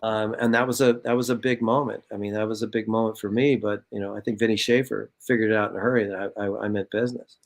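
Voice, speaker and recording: A man in his fifties from California, telling stories in a casual interview, animated and profane, acting out what people said. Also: fairly low pitch, fast talker. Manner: animated, profane, acts out quotes. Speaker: guest, former soccer player.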